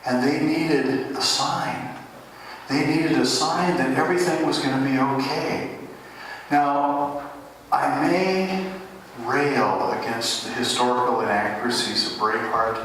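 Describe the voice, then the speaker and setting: Pastor preaching a sermon, unhurried delivery with dry asides, male, recorded from a distance in a church with a faint hum of ambience. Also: mid-range voice, fairly even intonation, a bit bright. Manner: conversational, wry asides. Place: church sanctuary. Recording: echoey church hall from far off.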